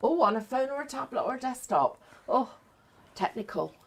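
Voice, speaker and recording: Chatty woman, gravelly voice. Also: a little high, animated, normal speed. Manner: chatty, rambling, giggly. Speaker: craft show host. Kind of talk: live crafting demonstration chat.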